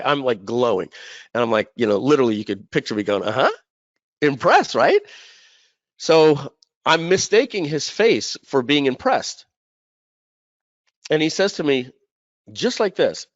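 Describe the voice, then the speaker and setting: A man in his fifties hosting a live webinar, telling a personal story to the chat with lively acted-out quotes and frequent restarts. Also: mid-range voice, moderate pace, pauses often, no room sound, lo-fi sound. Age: 50s. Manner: animated, acts out quoted voices, many fillers and restarts. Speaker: webinar host.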